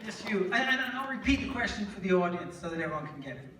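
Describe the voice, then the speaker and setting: A man with an English accent moderating a live audience Q&A, brisk and good-humored. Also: sits high, very animated. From England. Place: theater stage before an audience. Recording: echoey hall, from far off, crowd noise.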